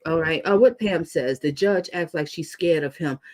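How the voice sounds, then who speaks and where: A woman hosting a casual commentary show, talking in an animated, emphatic way and acting out the people she quotes. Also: sits low, normal speed. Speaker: host. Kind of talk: casual commentary on trial clips.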